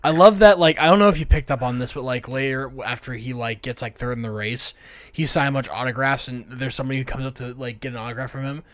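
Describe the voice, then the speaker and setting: A young man co-hosts a casual movie review podcast, rambling through his points with plenty of fillers. His voice sits in a middling pitch. The sound is dry, with no room echo. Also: steady tone, fast. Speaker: podcast co-host.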